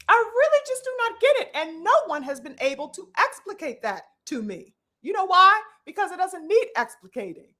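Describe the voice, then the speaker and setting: High bright-voiced woman ranting emphatically. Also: big pitch swings, normal speed, hardly any pauses. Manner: emphatic, profane, stacks rhetorical questions; addresses the audience like a preacher. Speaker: boxing commentary host. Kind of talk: live-stream commentary rant.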